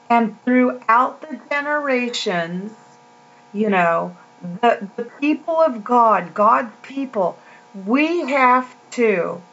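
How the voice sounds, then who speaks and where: A woman's voice: a little high, fairly bright tone. A woman giving a casual, earnest devotional talk, telling stories in a rambling, heartfelt way. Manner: slow, earnest, rambling storytelling. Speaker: Christian video host. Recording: dull lo-fi home recording.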